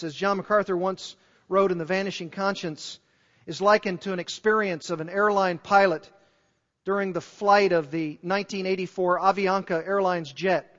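A high-pitched male preacher delivers an earnest sermon, returning again and again to pointed rhetorical questions. His voice carries long reverb from a large church sanctuary. The recording itself sounds dull and muffled. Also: fairly even intonation, normal speed, fairly bright tone.

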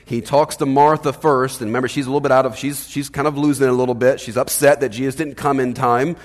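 A man's voice: mid-range voice, quick pace. Conversational male pastor preaching in a hall. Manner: animated, conversational preaching with frequent "right?". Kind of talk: sermon. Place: church hall.

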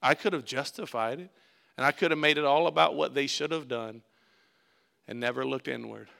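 A man's voice: medium pitch, normal speed, vocal fry, pushed and bright. A male pastor preaching a sermon, telling a candid story with self-mocking humor.

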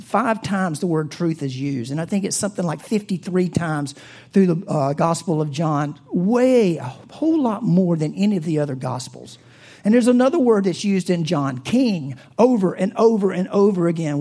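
Earnest male preacher, soft and husky. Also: high-pitched. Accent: American. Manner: earnest, rhetorical questions, swells loud then drops soft. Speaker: pastor. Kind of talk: sermon.

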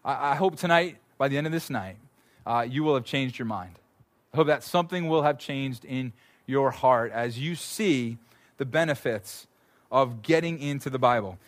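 A male pastor preaching a conversational, animated sermon, often repeating words as he goes. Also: medium pitch, normal speed.

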